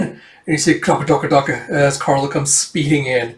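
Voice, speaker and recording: A man casually recapping a comic book, voicing the characters' lines himself and jumping into loud shouts for the dramatic ones. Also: fairly high pitch, steady tone, moderate pace. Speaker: manga reader recapping a comic. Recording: echoey room, far from the mic.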